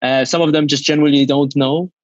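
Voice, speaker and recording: A man, an interview guest, talking rapidly in a casual chat with frequent stumbling restarts. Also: a little high, steady tone, lo-fi sound, slight background noise. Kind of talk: casual video call interview.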